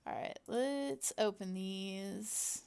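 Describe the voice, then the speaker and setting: A middle-aged content creator speaks extremely slowly in a medium-pitched, darkish voice with vocal fry and a clear, resonant tone. At home with her cat nearby, she chats casually to viewers while working on a computer, rambling and talking to herself with many fillers.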